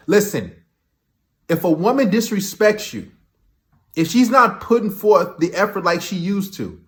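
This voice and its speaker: A man's voice: sits high, fairly bright tone. A man giving dating advice as a coach, blunt and emphatic, lecturing his viewers.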